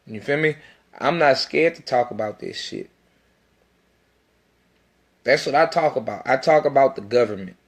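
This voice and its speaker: A man's voice: medium pitch, expressive, moderate pace, long pauses. Profane, rambling man. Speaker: independent rapper. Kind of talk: casual self-recorded monologue.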